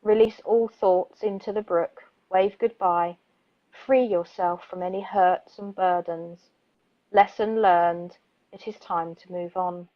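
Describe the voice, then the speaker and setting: A woman co-hosting a radio show, reading listeners' poems slowly and soothingly, then chatting casually and laughing easily. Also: fairly low pitch, steady tone, muffled recording. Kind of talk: gentle poetry reading and casual chat.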